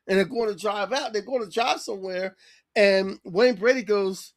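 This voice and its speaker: A woman co-hosting a casual podcast chat, retelling a sketch with animated storytelling. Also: medium pitch, moderate pace, no echo, studio quality. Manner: animated storytelling, acts out quoted lines. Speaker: co-host.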